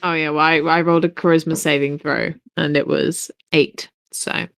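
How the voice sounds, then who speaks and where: A woman playing a tabletop game, talking relaxed and matter-of-fact. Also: low voice, normal speed, gravelly, dry recording, clean studio sound. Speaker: player. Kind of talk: casual tabletop game chat.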